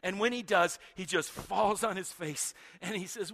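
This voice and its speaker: A man preaching a sermon, swinging from loud urgent calls to hushed near-whispers and often repeating words. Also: high voice, normal speed, vocal fry. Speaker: pastor.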